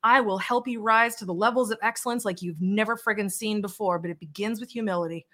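A woman guest on a video-call interview, telling stories in a blunt, animated way with mild swearing. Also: mid-range voice, fast. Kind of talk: casual interview chat.

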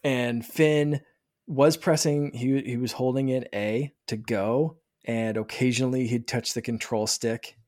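Man, thirties, podcast host, casual chat, mid-pitched, excited, rambling, restarts sentences. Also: unhurried.

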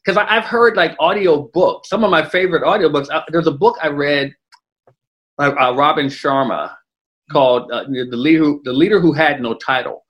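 A man's voice: a little high, normal speed, a bit bright. A man hosting a podcast interview, enthusiastic and often repeating words as he talks. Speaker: podcast host. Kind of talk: casual interview chat.

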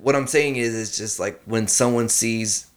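A man's voice: fairly low pitch, steady tone, normal speed. A man co-hosting a casual chat, rambling through stories and swearing freely. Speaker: podcast co-host.

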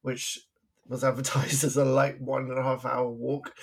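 Gravelly man telling stories. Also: medium pitch, monotone, normal speed. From England. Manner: chatty storytelling, laughing often. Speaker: podcast co-host. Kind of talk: casual podcast chat.

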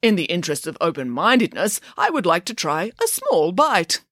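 A foolish, greedy king who begs and gushes, as a storyteller puts him on. His voice is pitched a little above the reader's own and swoops with eagerness. It sounds close and dry, like a storybook read-aloud. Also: big pitch swings, normal speed, fairly bright tone, no room sound. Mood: eager. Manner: eager and pleading.

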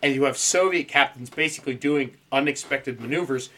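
A man's voice: medium pitch, fairly quick. A man hosting a casual podcast, telling a story with lots of swearing and laughter. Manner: profane, laughs a lot, animated storytelling. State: dry mouth. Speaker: podcast host. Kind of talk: casual conspiracy podcast chat.

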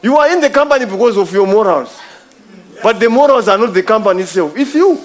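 A man's voice: high-pitched, expressive, fast talker. A man preaching a sermon, emphatic and repetitive, calling his listeners brother. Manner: emphatic, repeats phrases, addresses listeners as brother.

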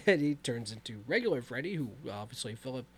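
A man's voice: mid-range voice, big pitch swings, quick pace, slightly rough. A man casually retelling a horror movie's plot in a loose, rambling way with lots of fillers. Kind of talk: casual movie recap chat.

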